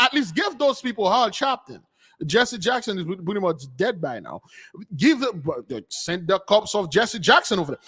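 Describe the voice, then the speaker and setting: Man, online preacher, heated animated commentary, high voice, hall echo. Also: husky. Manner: animated, preachy, addresses listeners as beloved. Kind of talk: commentary on news clips.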